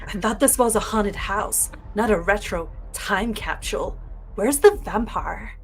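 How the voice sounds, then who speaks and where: A cocky young heroine who hunts vampires delivers smirking one-liners, read by a woman. She keeps an unhurried pace, and faint music runs in the background. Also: mid-range voice, lightly acted. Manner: smirking, wisecracking.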